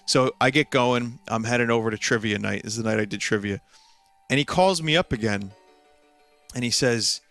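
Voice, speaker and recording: Bright-voiced man rambling through a story. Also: medium pitch, fairly quick, clean tone. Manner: rambling, animated, laughing, lots of fillers. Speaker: streamer. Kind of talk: casual storytelling while gaming. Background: faint game music.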